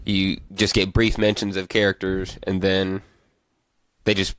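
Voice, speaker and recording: Low-voiced man chatting over beers. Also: a little slow, smooth, no room sound, poor audio. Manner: relaxed, rambling, reads beer labels aloud. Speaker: podcast co-host. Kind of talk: casual chat.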